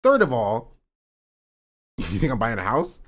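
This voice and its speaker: A young male streamer talks casually with his audience. His pitch swings widely as he jokes sarcastically. At times he works himself up into a heated rant. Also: takes it slowly. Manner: joking and sarcastic, reading chat aloud; rising to animated ranting. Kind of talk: casual livestream chat.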